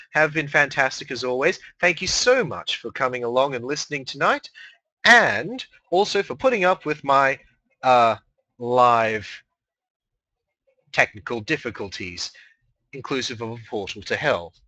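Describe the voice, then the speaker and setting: Guy hosting a radio show, bright voice, jumpy pitch, dry close sound. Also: no echo. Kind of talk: comedy radio show sign-off.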